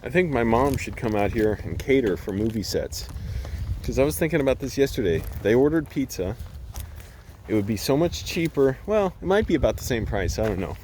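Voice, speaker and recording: A man's voice: medium pitch, expressive, a little fast, darkish tone, a little hiss or hum. Chatty man rambling outdoors. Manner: rambling, chatty, laughs at himself. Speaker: vlogger. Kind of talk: casual vlog monologue. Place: outdoors walking around a complex.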